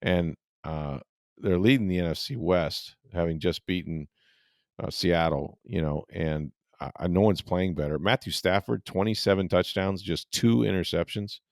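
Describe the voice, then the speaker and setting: Low-voiced man rambling through a story. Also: normal speed, a little mellow, no echo, studio quality. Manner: rambling storyteller with many fillers. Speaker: podcast host, sportswriter. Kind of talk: casual sports podcast chat.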